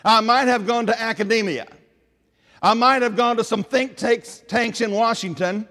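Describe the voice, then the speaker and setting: A man's voice: extremely high pitch, normal speed, pushed and bright, long reverb tail. A man with a Tennessee Southern accent preaching a sermon in an earnest, conversational way, often putting questions to his listeners.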